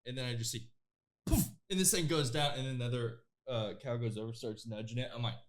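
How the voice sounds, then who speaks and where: Man, podcast co-host, casual chat, quick quips. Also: medium pitch.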